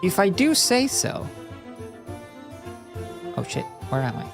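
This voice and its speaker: A woman's voice: on the low side, sing-song, takes it slowly, gravelly, over music. A woman live-streaming as she animates, thinking aloud and making playful sound-effect noises. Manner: thinks aloud while working, half to herself. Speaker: streamer animating digital art. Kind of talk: casual live-stream commentary.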